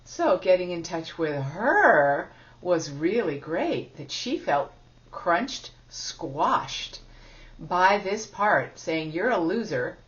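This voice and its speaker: Woman teaching spiritual stuff, lowish voice, chatty, laughs a lot, dull lo-fi sound. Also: very animated, very slow. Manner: chatty, laughs often, self-deprecating. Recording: dull lo-fi recording.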